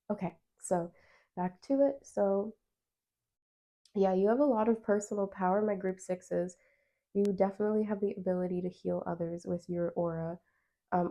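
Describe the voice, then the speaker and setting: Female tarot reader, mellow with a gravelly edge, chatty and encouraging, talks straight to viewers. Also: lowish voice. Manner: chatty and encouraging, reads card meanings aloud; addresses viewers directly. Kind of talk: pick-a-card tarot reading to camera.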